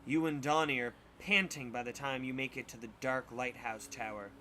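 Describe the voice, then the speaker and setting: A man reading a spooky choose-your-path book aloud with dramatic, expressive narration. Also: medium pitch, moderate pace, a little hiss or hum. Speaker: storybook reader on a stream.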